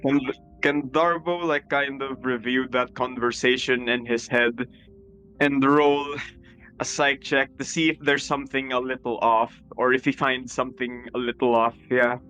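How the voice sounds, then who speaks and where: A man's voice: medium pitch, steady tone, unhurried, pushed and bright, soft background music, low-quality recording. A man playing a tabletop game, chatting casually and describing his character's actions. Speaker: player. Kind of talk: casual tabletop play talk.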